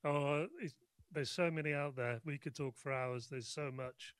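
Man, radio guest, wry, sarcastic, dry sound, a bit high. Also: steady tone, moderate pace, clear, resonant tone, no echo. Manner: wry, sarcastic, laughs easily.

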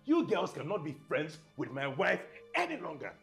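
A man plays a hot-tempered husband who yells, stammers and sneers at his wife's friends. His pitch swings wildly from low growls to high shouts, and soft music plays behind him. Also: huge pitch swings, moderate pace, creaky, full character voice. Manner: yelling, stammering repeats, sarcastic. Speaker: controlling husband in a comedy skit.

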